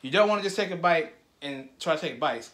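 On his family vlog, a dad and channel host gets the audience excited, shouting out to viewers and ribbing his son in relaxed commentary. He speaks briskly in a slightly high, expressive voice with a fairly bright tone.

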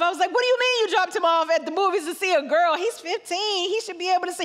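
High-voiced woman preaching in a hall. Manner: lively storyteller, acts out family dialogue. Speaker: guest pastor. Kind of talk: sermon with storytelling. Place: large church auditorium. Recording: long church hall reverb.

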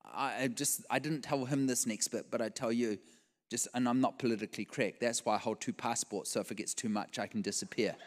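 Speaking fairly quickly with a medium pitch and fairly even intonation, a man serves as guest preacher at a church event, delivering a storytelling sermon and acting out what the people in it say. The large church hall adds long reverb.

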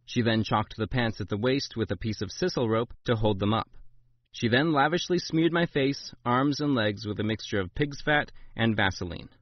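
Guy reading a memoir out loud, lively up and down voice, dull lo-fi sound, kinda dry. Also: moderate pace, dry recording. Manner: voices the quotes with big rises in pitch and volume. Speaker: narrator.

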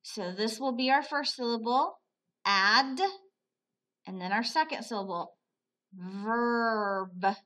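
A woman teaching a phonics lesson to children, sounding out words slowly, repeating them and praising often. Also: on the high side, pushed and bright. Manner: slow, patient, repeats words aloud for pupils; praises often, asks questions and answers them.

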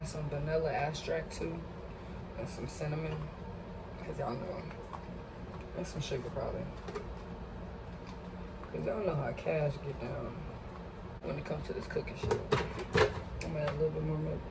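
A loud, cussing home cook vlogs from a kitchen, chatting straight at the viewers in a middling pitch. A thick layer of noise hangs under the voice the whole time. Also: fairly even intonation, moderate pace, pauses often. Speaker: cooking vlogger. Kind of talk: casual cooking vlog chat. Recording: heavy background noise.

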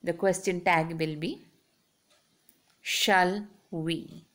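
Slow, deliberate woman teaching grammar. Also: lowish voice. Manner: explains step by step, drawing out example sentences. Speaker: English grammar lecturer.

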